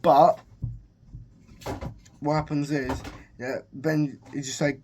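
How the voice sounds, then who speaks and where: A man's voice: mid-range voice, fairly even intonation, unhurried, long pauses, darkish tone, a little hiss or hum. A man casually recapping a film's plot in a rambling, restart-filled way. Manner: rambling, full of restarts and "he's just like". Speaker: movie reviewer.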